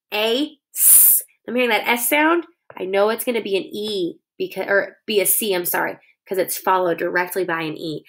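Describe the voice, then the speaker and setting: A woman teacher leads a phonics lesson for young kids, breaking words into syllables slowly and clearly. Her voice is bright and forward, with a steady, encouraging manner. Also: medium pitch, slight background noise.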